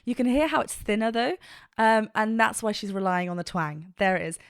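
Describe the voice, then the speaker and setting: A woman's voice: medium pitch, animated, brisk, clear, resonant tone, no room sound, clean studio sound. A woman vocal coach giving an enthusiastic, technical reaction and analysis, with frequent fillers.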